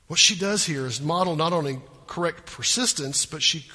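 A man preaching a sermon as pastor, animated, acting out the people in the story. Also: a little high, a little fast, few pauses, slightly rough, in a large hall.

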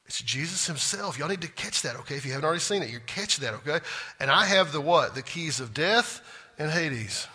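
Guy teaching bible study in a church room, kinda husky, bright forceful tone, keeps asking y'all with me. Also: on the high side, expressive, a little fast. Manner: folksy, asks the class questions.

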